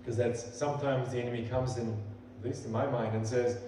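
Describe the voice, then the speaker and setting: Heard from a distance in an echoey church sanctuary with background noise, a male pastor gives a sermon. His mid-range voice is steady and fairly quick, earnest and conversational, with emphasis building as he quotes scripture.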